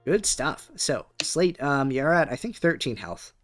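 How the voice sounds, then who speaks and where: A man's voice: mid-range voice, big pitch swings, a little slow, no room sound, faint music behind. A man narrating a tabletop game as game master, rambling with many fillers. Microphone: webcam setup.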